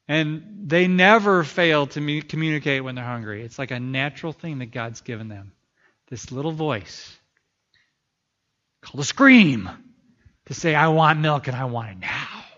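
A man's voice: high-pitched, sharp tone, lo-fi sound. A man preaching a sermon as pastor, earnest and building to fervent prayerful pleas.

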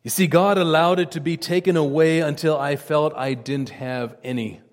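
A man delivers a sermon with earnest conviction, dropping his voice low and soft at solemn moments. His voice sits a little high for a man. It rings out with a long reverb, as in a large hall. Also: fairly even intonation, normal speed. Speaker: preacher.

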